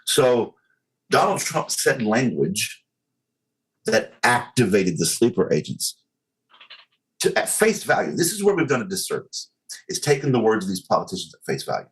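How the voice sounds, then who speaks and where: A man's voice: fairly low pitch, big pitch swings, normal speed, pauses often, low-quality recording. A man talking earnestly as a podcast guest, building his point with analogies and many fillers. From United States. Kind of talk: casual podcast conversation.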